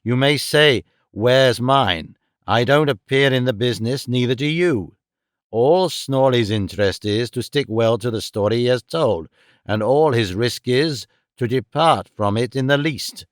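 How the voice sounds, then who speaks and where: A man narrating an audiobook gives voice to a domineering older moneylender who speaks curtly and dryly. Each point comes slow, measured and emphatic, in a dry, close voice. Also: mid-range voice, dry recording, lightly acted. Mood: cold scorn. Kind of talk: audiobook character voice.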